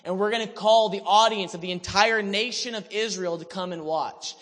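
A man's voice: high-pitched, normal speed, a bit bright. A preacher voicing a cocky, defiant male prophet who taunts his rivals in a self-assured way. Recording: reverberant hall.

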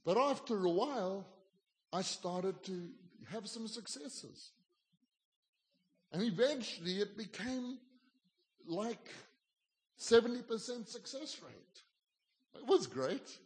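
A South African man, a pastor, preaching a sermon and telling a story with lively, self-deprecating humor, acting out the dialogue. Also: sits high, takes it slowly, long pauses, long reverb tail.

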